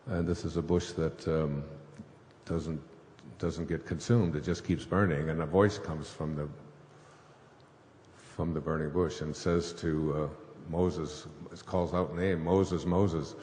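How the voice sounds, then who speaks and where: A man's voice: a bass voice, fairly even intonation, slow pace, a little mellow. A man, a spiritual author, telling a scripture story to an audience in a rambling way, with fillers and chuckles. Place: stage before a live audience. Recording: echoey hall, faint noise.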